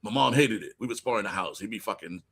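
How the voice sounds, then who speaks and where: A man with an ordinary mid-range voice telling loose, animated stories. He laughs often and lets some asides fall to a mumble. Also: lowish voice, fast talker. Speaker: co-host. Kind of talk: casual podcast banter.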